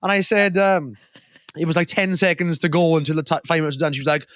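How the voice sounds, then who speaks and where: A man's voice: fairly high pitch, fast, no echo, clean studio sound. A young man in his twenties, co-hosting a podcast and telling a story in casual chat, acting out the voices of the people in it. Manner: animated storyteller, acts out quoted voices. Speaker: podcast co-host.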